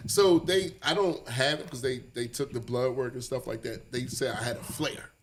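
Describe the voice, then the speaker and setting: A man co-hosting a casual podcast chat, telling stories in an animated way and often laughing mid-sentence. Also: mid-range voice, normal speed, a little hiss or hum. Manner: animated storyteller, breaks into laughter. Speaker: podcast co-host.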